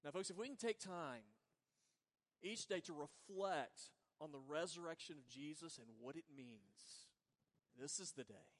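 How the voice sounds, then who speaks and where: A man's voice: fairly high pitch, animated, measured pace. Earnest man preaching in an echoing hall. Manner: earnest preaching, swings between soft and emphatic. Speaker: pastor. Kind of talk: sermon. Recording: long reverb of a large hall.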